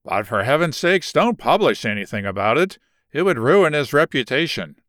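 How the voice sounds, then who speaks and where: A man reading the part of a boastful, blunt boxing manager, dropping his voice lower for him. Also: big pitch swings, moderate pace, a bit bright, no room sound, clean studio sound.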